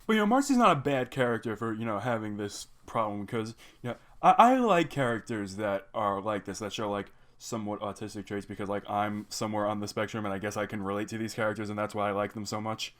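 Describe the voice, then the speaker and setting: A man's voice: on the low side, animated, quick pace, hardly any pauses, a bit bright. Rambling man recapping a cartoon episode. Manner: rambling, full of "like" and "you know". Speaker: video reviewer.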